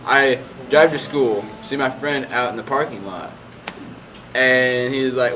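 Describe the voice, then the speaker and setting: A man's voice: medium pitch, fairly even intonation, moderate pace, noisy background. A young man casually telling a rambling story, full of "like" fillers.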